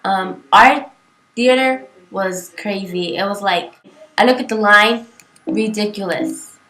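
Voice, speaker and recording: Excitable woman chatting about a movie. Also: mid-range voice, slow pace. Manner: excitable, many "like"s, acts out shouts. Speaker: co-host of a home-made variety show. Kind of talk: casual chat. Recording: echoey room with music behind.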